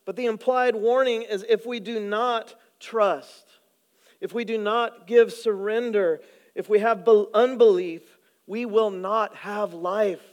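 A man preaching with a high, bright voice. His sermon delivery is animated, rising to loud emphasis and then dropping to hushed, low lines. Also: takes it slowly. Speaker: pastor.

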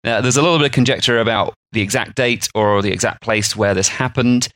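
A podcast co-host rambles through food history in casual, chatty storytelling full of fillers. His mid-range voice is brisk and fairly bright, recorded cleanly in a studio with no echo.

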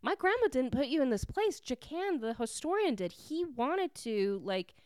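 An earnest young woman, apologetic and then puzzled, as a woman quotes her while recapping a book. The voice is very smooth and lower than most. It is recorded dry and close. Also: normal speed, darkish tone, dry recording, natural voice.

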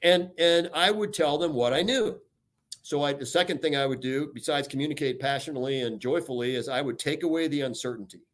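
A man's voice: a little high, brisk. Older american guy, ex-navy admiral on a podcast, punchy and upbeat, lots of "you know"s. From United States. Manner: energetic, emphatic, many "you know" fillers. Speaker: retired admiral, guest. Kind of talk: podcast interview. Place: talking remotely from home or office.

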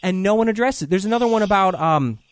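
A man's voice: high-pitched, lively intonation, fast, no room sound, clean studio sound. A man ranting about a film in casual, profane chat, full of scorn. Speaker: film reviewer.

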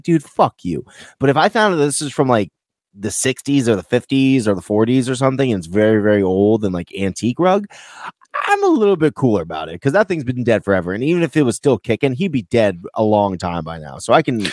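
A man's voice: mid-range voice, dry recording, studio quality. A man from the United States chatting casually as a podcast host, rambling, filling his talk with "like" and swearing freely. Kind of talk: casual chat.

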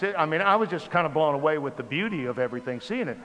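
A man giving a sermon testimony, telling his story with lively repetition. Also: fairly high pitch, quick pace, hardly any pauses, long reverb tail, a little hiss or hum. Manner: animated storytelling with repeated phrases. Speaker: preacher.

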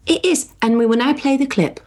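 A woman's voice: high-pitched, brisk, darkish tone. A woman with an English accent co-hosting a podcast, chatting casually and teasing, with lots of fillers. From England. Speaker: podcast co-host. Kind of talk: casual chat.

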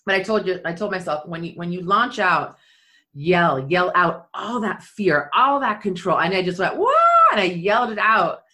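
A woman's voice: on the low side, normal speed, pushed and bright. A middle-aged woman, a skydiving athlete and leadership speaker, telling a personal story in conversation and acting out quotes.

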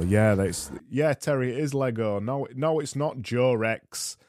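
A man's voice: medium pitch, measured pace, music in the background. A man with a Barnsley accent hosting a solo podcast, rambling and self-mocking as he reads out quiz questions. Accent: Barnsley, Yorkshire. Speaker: podcast host.

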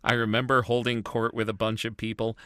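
A middle-aged man co-hosting a casual review podcast, telling stories in an animated, chatty way. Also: medium pitch, brisk, clear, resonant tone, dry recording, clean studio sound. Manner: animated, tells stories with lively asides. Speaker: podcast co-host. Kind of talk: casual chat.

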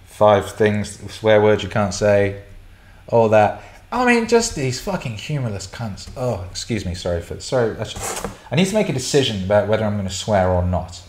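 A man's voice: on the low side, darkish tone. A middle-aged man hosting a casual livestream Q&A, blunt and sweary as he rants and answers chat questions. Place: indoor room. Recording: roomy echo.

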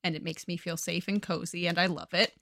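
A woman co-hosting a podcast, recapping a book in casual, profane, animated chat. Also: fairly low pitch, fairly quick, vocal fry, no room sound, studio quality. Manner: chatty, profane, animated storyteller. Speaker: podcast co-host.

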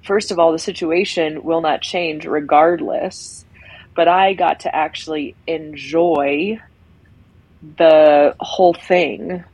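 A woman's voice: low voice, steady tone, takes it slowly, darkish tone, poor audio. A woman co-hosting a podcast, talking in a reflective, rambling way with many fillers in unscripted conversation. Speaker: podcast co-host.

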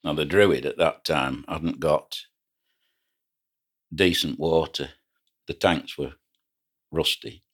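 Very deep-voiced older man. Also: slow pace, pauses often, a bit bright. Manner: rambling anecdotal storyteller with frequent restarts. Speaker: retired pilot boat skipper. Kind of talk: reminiscing oral history.

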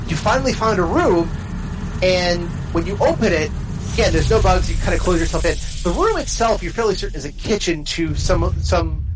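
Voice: medium pitch, noisy background. A game master narrating a tabletop game in a casual, rambling way with frequent restarts.

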